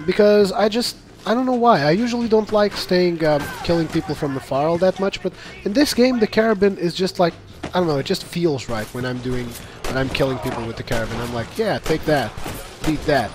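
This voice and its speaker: A man giving casual commentary over his own gameplay footage, chatty and quick to laugh as he acts out his own reactions. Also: high voice.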